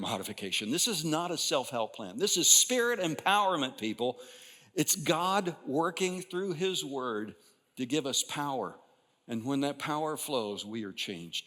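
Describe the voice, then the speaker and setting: Older male pastor preaching in reverberant hall. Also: mid-range voice. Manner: conversational preaching with repeated restarts; builds to emphatic bursts, then drops quiet. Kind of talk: sermon. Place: church sanctuary. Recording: long reverb from a large church hall.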